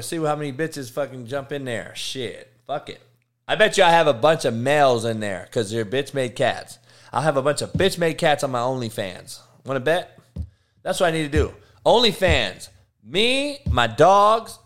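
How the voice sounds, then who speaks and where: A man's voice: on the high side, fairly bright tone. A man hosting an online talk show, ranting heatedly and swearing constantly as he calls out people in his audience. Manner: foul-mouthed, heated ranting, addresses trolls directly. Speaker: show host.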